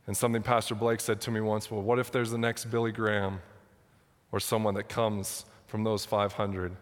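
Passionate young pastor in a reverberant sanctuary. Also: male voice, on the low side, flat delivery, moderate pace. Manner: passionate, emotional, near tears. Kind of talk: sermon and prayer. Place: church sanctuary. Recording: long hall reverb.

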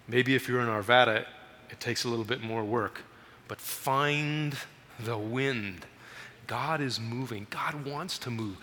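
A man preaches a guest sermon, telling stories with animation and pushing his voice up for emphasis. His tone is bright and forward. The sound rings with a long church reverb, and there is faint room noise behind him. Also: mid-range voice. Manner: animated storytelling, raises voice for emphasis. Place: church sanctuary.

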